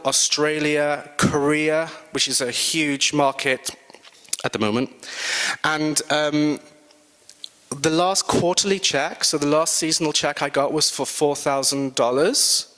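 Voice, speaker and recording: A British man giving a casual, animated guest talk to students, chatty and self-mocking. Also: fairly high pitch. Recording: long reverb in a hall.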